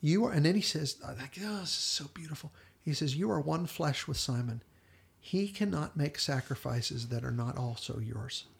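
A man co-hosting a podcast, animatedly retelling a TV episode and quoting the characters in quick little voices. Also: mid-range voice, gravelly. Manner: animated storyteller, quotes characters in brief voices, laughs often. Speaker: podcast co-host.

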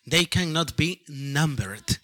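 Slow Peruvian-accented man reading scripture. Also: a little high, animated, bright, forceful tone. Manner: slow, careful reading aloud. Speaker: scripture reader in church.

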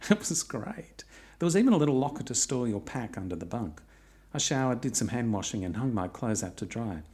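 A man's voice: medium pitch, very animated, fairly quick, a little mellow. A middle-aged man narrating his own long walk in a reflective way with dry, wry humour. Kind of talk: personal travel narration.

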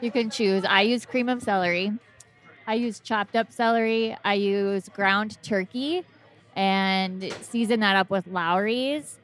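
A woman's voice: medium pitch, unhurried, fairly bright tone, smooth. Chatty woman explaining home recipes. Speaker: podcast guest. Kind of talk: casual chat.

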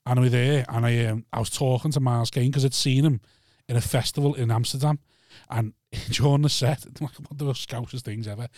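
A man's voice: medium pitch, fairly even intonation, a little fast, hardly any pauses, a little mellow, dry recording, studio quality. A man, hosting a casual chat and rambling through anecdotes with plenty of swearing.

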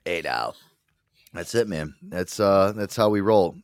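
A man's voice: deep voice, lively intonation, unhurried, a little hiss or hum. A man hosting a podcast in casual chat, rambling, swearing freely and laughing often. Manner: crude, rambling, laughs a lot. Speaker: podcast host.

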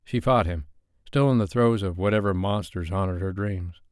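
A man narrating a romance audiobook in a measured, even storytelling manner. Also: deep voice, no room sound, clean studio sound.

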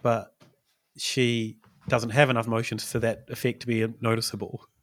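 A man's voice: medium pitch, little pitch movement, moderate pace, fairly bright tone. A man, co-hosting a casual podcast chat and telling a rambling story with many fillers. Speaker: podcast co-host.

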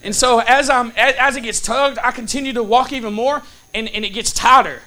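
A man's voice: extremely high pitch, steady tone, a little fast, bright, forceful tone. A man preaching a sermon, telling a story in a folksy, casual way and checking in with the congregation. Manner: storytelling with call-and-response asides.

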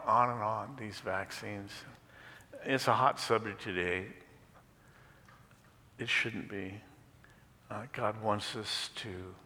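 A male pastor giving a sermon and reading a story aloud in a measured manner. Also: fairly low pitch, vocal fry, bright, forceful tone, big-room sound.

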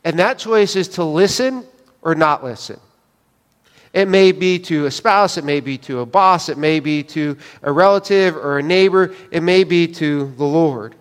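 High-pitched guy preaching, chatty and jokey with his church, walking around w a wireless mic, lots of hall echo. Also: normal speed, clean tone. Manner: conversational, joking with the congregation. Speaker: pastor. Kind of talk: sermon. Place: church sanctuary. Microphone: wireless mic, moving around.

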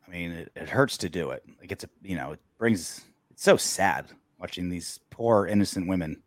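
A man co-hosting a casual sports podcast, ranting in an animated, crude way. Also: low-pitched, moderate pace, no echo, studio quality. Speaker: podcast co-host.

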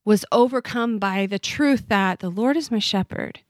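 A woman's voice: mid-range voice, normal speed, no echo, clean studio sound. A woman in her forties, a podcast guest, telling a personal story in an earnest, heartfelt way that often halts and restarts. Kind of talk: personal testimony in conversation.

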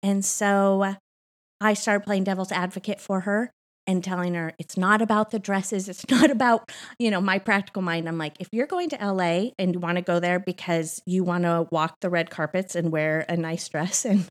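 A woman's voice: medium pitch, fairly even intonation, normal speed. A middle-aged woman, a co-pastor, telling a family story in a casual interview, laughing often and acting out the voices she quotes. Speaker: co-pastor and podcast guest. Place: Austin church setting. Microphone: microphone on her.

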